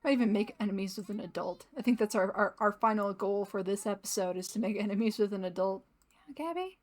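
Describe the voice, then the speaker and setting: A woman's voice: mid-range voice, fairly even intonation, fast, a little mellow. A young adult woman hosting a gaming channel, giving casual, rambling let's-play commentary and laughing often.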